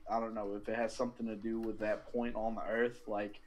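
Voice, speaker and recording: A man in a casual podcast chat, telling stories with animated energy and teasing his friend. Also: lowish voice, a little fast.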